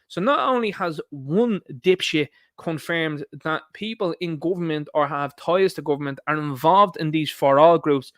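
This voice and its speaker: With a fairly high voice, this man tears through political commentary on his own, picking fights and cursing freely. The sound is close-miked and dry, free of any echo.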